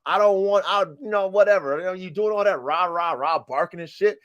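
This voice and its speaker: A man's voice: sits high, fairly quick, a bit bright, dull audio. A man hosting a casual livestream podcast about dogs, talking in a profane, emphatic, preaching way. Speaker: podcast host and dog breeder.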